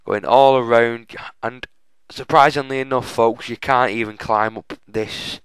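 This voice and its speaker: A man's voice: medium pitch, steady tone, unhurried, clear, resonant tone, dry recording, rough recording. A young man giving chatty, self-mocking walkthrough commentary on a game, often addressing viewers as folks. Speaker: gaming channel host.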